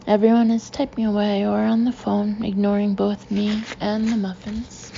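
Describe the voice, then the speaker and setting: A woman narrating a first-person novel in an expressive, animated way. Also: mid-range voice, moderate pace, gravelly, hardly any pauses, dull audio, a little hiss or hum. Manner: expressive, acting out the narrator's indignation. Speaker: audiobook narrator.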